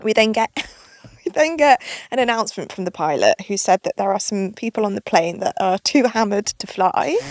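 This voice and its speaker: A woman's voice: mid-range voice, moderate pace, dry recording, clean studio sound. A woman in her thirties, a podcast co-host telling a story in a casual chat, laughing often and acting out the people in it. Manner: animated, laughing, acts out voices in her stories.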